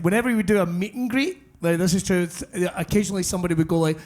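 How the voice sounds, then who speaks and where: A Scottish man co-hosting a live podcast, telling a comic story in front of a crowd, animated and swearing freely. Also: sits high, fast, few pauses. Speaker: podcast co-host. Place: brewery event space with live audience.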